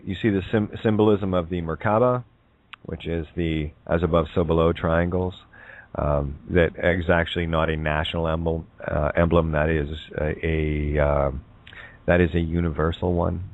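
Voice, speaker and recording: Deep-voiced man rambling over a phone line. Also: fairly even intonation, measured pace. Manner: rambling, many fillers and "right?" checks. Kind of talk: casual spiritual talk. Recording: tinny phone line, dry.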